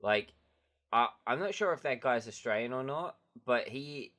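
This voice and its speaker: A man's voice: medium pitch, lively intonation, normal speed, bright, forceful tone. A man co-hosting a podcast in casual chat, easygoing and a little hesitant, with lots of fillers. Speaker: podcast co-host.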